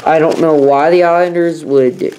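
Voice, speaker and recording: A man's voice: fairly high pitch, steady tone, moderate pace, warm tone, dull audio, slight background noise. A young man chatting casually in his own vlog, rambling and emphatic in his opinions. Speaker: vlogger.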